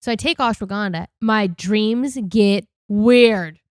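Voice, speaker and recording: A woman in a relaxed podcast chat, mid-pitched and easygoing, who laughs readily and swears casually. Her voice is dry and close to the mic. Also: slow pace, dry recording. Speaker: podcast co-host.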